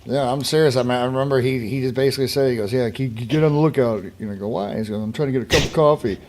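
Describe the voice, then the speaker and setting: A man's voice: mid-range voice, very fast, background noise. A man telling family stories over game voice chat, heated and profane, acting out the people in them. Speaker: brother of the streamer.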